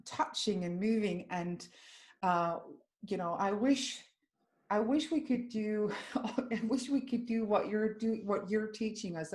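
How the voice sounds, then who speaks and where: A woman hosting an informal live webinar over a video call, talking in a searching way with many restarts. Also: mid-range voice. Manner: warm, searching, with frequent restarts. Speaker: webinar host, psychologist. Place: at home in Sweden, video call. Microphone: video call microphone.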